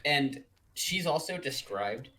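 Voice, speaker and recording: Young man cohost, mid pitch, lively, sardonic and laid-back, swears. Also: takes it slowly, slight background noise. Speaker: podcast co-host. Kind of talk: casual comedic book review chat.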